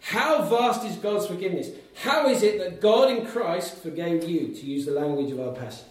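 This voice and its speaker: A man's voice: high voice, expressive, moderate pace. Echoey, distant male preacher. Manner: emphatic, rhetorical questions, numbered points. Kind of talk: sermon. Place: church hall with congregation. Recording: very echoey hall, picked up from afar.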